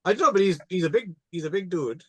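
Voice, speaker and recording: A man's voice: sits high, expressive, fast, husky. A man hosting and editing a podcast, chatting casually in a rambling, hesitant way. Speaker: podcast host and editor. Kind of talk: casual chat.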